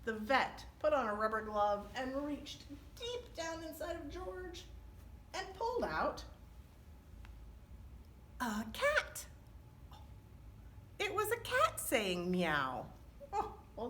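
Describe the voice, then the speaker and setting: A woman reading a story aloud to children as a librarian, animated, often pausing to ask them questions. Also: high-pitched, slight background noise.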